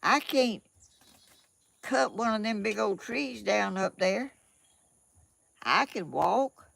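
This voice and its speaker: A woman's voice: mid-range voice, lively intonation, slow, vocal fry, a bit bright, dry recording. An older woman from Georgia with a Southern accent, rambling in a casual home vlog and often repeating herself. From Georgia, USA. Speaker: vlogger.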